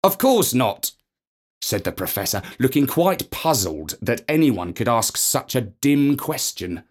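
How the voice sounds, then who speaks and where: A man narrating a storybook in an expressive, playful reading. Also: mid-range voice, measured pace.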